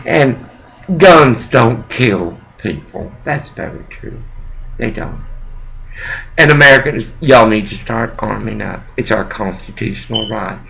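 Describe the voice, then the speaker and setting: Gravelly man ranting. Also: fairly low pitch, unhurried, pushed and bright, low-quality recording. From Texas. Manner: profane, heated, rambling rant. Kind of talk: ranting monologue to camera.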